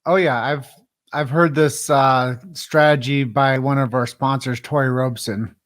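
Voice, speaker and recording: A man's voice: medium pitch, steady tone, a little slow. A man hosting a podcast, chatting casually and agreeing with his guest. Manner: conversational, agreeable, some fillers. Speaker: podcast host. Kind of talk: casual interview chat.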